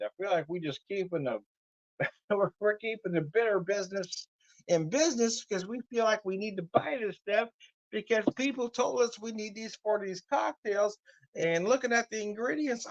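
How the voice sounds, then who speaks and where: A man's voice: high voice, vocal fry, dry recording. Profane ranting man, dull lo-fi sound. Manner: profane, laughing ranter. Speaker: whiskey vlogger. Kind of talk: casual rant to camera.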